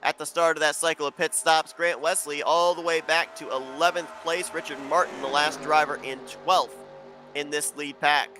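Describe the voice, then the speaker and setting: A man giving play-by-play commentary on an online sim race, steady and informative, building excitement as the racing gets close. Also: fairly high pitch, moderate pace, faint music behind.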